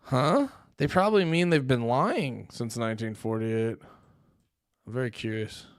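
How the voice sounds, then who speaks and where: A man's voice: mid-range voice, a little slow, dry recording, studio quality. Sarcastic, foul-mouthed streamer man. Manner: profane, laughing, sarcastic asides. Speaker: streamer host. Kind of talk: casual livestream commentary.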